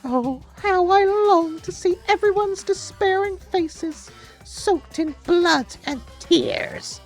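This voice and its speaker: A man voicing a sadistic bear mascot who delights in despair, in a high squeaky put-on voice while reading game dialogue on a livestream. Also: slow, soft background music, full character voice. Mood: gleeful menace.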